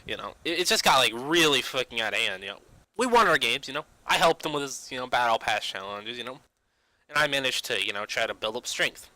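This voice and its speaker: A young man rattles on at a fast clip in a very bright, sharp-edged voice, stuffing "you know" into almost every phrase. His loose, rambling rant is full of restarts and casual swearing. The sound is dry and close, with no room around it. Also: medium pitch, lively intonation, no room sound, rough recording. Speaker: gaming vlogger.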